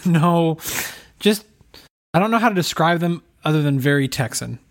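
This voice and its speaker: A man chatting casually as a podcast co-host, telling a story with lively, animated delivery and mimicked voices. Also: on the high side, measured pace. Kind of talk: casual chat.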